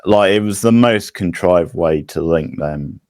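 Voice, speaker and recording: Man, very low voice, hesitant casual film chat, dry close mic. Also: unhurried, darkish tone, dry recording. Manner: hesitant, restarts often. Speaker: podcast co-host.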